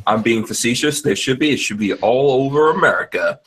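A man hosts a live podcast with a loose, joking manner, filling his talk with fillers and quick asides. His voice is mid-pitched and plain, and it comes through a video call. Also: animated, a bit bright, slight background noise. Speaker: podcast host. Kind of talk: casual chat.

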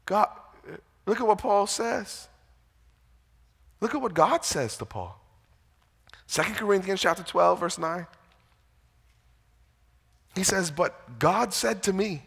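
A man with a high, light voice preaches a sermon in a large church with a long, ringing reverb. His delivery is conversational, full of fillers. It swings from loud, pleading peaks to near-whispered scripture. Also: lively intonation, slow, vocal fry, long pauses, breathy edge. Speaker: pastor.

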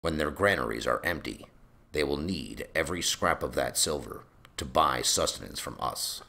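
A man voicing a calm scheming lord. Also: rumbling low, creaky, full character voice. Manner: calm, measured and persuasive. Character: scheming smooth middle-aged lord, Alayne's father. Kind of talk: fan audiobook reading.

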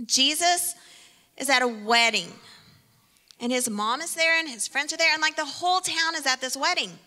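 A woman's voice: high voice, normal speed, bright, forceful tone, in a large hall. A woman giving a playful children's sermon with an object lesson, speaking directly to kids by name in a church sanctuary.

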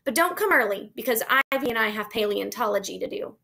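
A woman's voice: on the high side, animated, quick pace, creaky, pushed and bright, full character voice. A woman reading aloud, voicing an eager, insistent young schoolgirl in a storybook. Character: bold excitable young schoolgirl.

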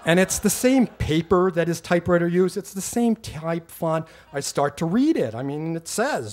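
A man's voice: on the high side, sing-song, a little fast, hardly any pauses, a little mellow. A middle-aged man telling a personal story on stage, wry and self-mocking, getting heated as he retells old arguments.

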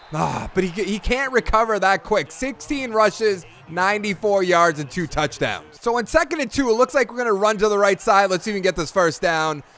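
A young man giving let's play commentary on a football video game, excitable, yelling at plays and then grumbling about them. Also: high voice. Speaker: gaming YouTuber.

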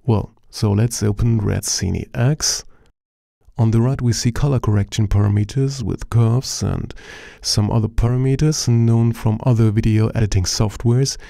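A man with a German accent presenting a software tutorial in a steady, explanatory way, narrating over a screen recording. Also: fairly low pitch, moderate pace, gravelly, no echo, studio quality.

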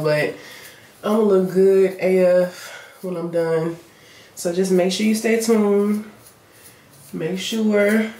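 A woman's voice: lowish voice, a little mellow, reverberant. A young woman, chatting casually and playfully in a self-filmed vlog, swearing freely. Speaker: vlogger.

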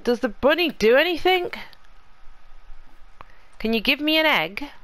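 A woman's voice: high-pitched, lively intonation, a little slow, fairly bright tone. A woman hosting a let's play, chatting casually to the characters in her game as she plays. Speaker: gaming channel host.

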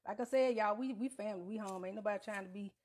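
A woman's voice: medium pitch, fast. A woman chatting to viewers while cooking in her home kitchen, on a lapel mic. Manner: chatty, addresses viewers as y'all, Southern US Black vernacular. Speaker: home cook livestreaming. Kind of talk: casual cooking livestream. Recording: loud background noise, kitchen clatter.

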